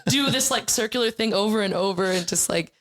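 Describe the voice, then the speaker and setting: A young woman from Iowa, a guest on a podcast, telling improv stories in a bubbly, animated way and laughing often. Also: medium pitch, a little fast. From Iowa, USA. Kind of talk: casual chat.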